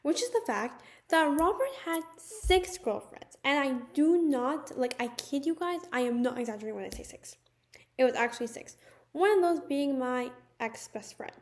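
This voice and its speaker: A woman's voice: sits high, animated, normal speed. A teenage girl telling a personal story straight to her viewers in a chatty vlog, often calling out to them as "you guys.". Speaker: vlogger.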